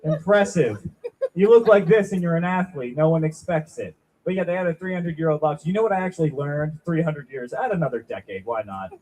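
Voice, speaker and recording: A man's voice: a little high, a little fast, a little mellow, poor audio. A young man doing a rambling, self-deprecating stand-up set at a small open mic, chatting with the crowd. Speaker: stand-up comic.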